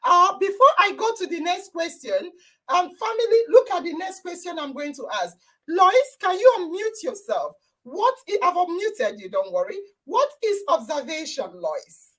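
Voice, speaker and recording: High, lively woman hosting. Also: moderate pace. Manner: exuberant, exclaiming and praising loudly. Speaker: podcast host. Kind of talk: live online talk show with quiz questions.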